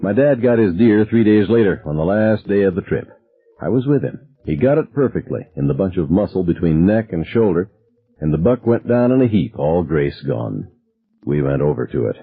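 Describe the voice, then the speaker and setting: The narrator is a man reading a novel aloud in first person, somber and measured yet expressive. Low and husky, his voice comes through a dry recording squeezed into a narrow band that resembles a phone call.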